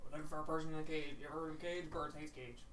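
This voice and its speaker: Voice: mid-range voice, steady tone, very fast, fairly bright tone. A player in a tabletop game, chatting casually and joking with the table. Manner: joking, laughing. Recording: echoey room, distant mic, faint noise.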